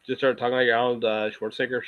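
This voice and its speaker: A man's voice: mid-range voice, flat delivery, fast talker, narrow, tinny audio. A man chatting casually on a live stream, rambling and circling back with frequent restarts. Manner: rambling, full of fillers and restarts.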